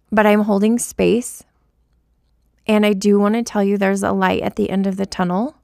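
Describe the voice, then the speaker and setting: Slow, creaky-voiced woman giving spiritual encouragement. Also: mid-range voice, no echo, studio quality. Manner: soft, slow and reassuring, lingering on words. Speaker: podcast host.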